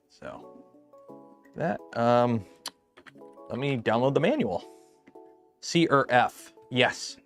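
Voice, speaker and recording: A man's voice: medium pitch, slow pace, pauses often. Man, casual livestream host, garage workshop, rambling with ums, faint music behind. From lives south of Detroit. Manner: rambling, chatty, many ums and restarts. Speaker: livestream host building a 3D printer.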